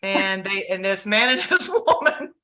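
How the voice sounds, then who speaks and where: A woman's voice: mid-range voice, lively intonation, measured pace, bright, forceful tone. A middle-aged woman with a Southern US accent, telling a story in casual chat and acting out the dialogue. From American South. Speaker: channel host.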